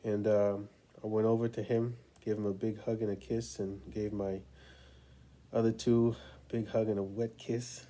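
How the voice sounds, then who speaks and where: A middle-aged man, a parent coach, telling a story in a relaxed, unhurried way with many pauses. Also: lowish voice. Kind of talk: casual storytelling talk to camera.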